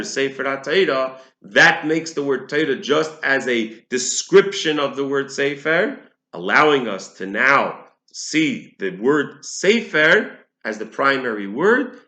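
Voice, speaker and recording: Bright-voiced man teaching a text, echoey room. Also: mid-range voice. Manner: methodical, restates points, frequent restarts. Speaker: Torah teacher. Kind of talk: explaining a text to listeners.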